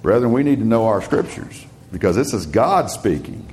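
A man preaching a Bible study sermon. He reads scripture slowly and with emphasis, then explains it in plain talk. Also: lowish voice, lively intonation, darkish tone.

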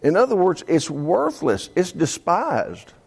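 Man teaching scripture, gravelly, lively pitch, conversational, restarts a lot. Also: slow pace. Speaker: Bible teacher. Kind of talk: teaching a Bible class.

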